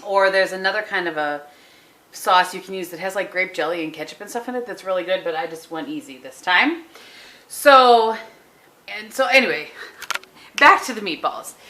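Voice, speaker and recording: A chatty woman talks casually to the camera in her kitchen, full of rambling, self-deprecating asides. Her voice sits a little low. It is caught on a compact camera with clear background noise. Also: animated, moderate pace, bright, forceful tone. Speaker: vlogger. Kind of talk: casual home vlog chat. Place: home kitchen. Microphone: handheld compact camera. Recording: noisy home camera audio.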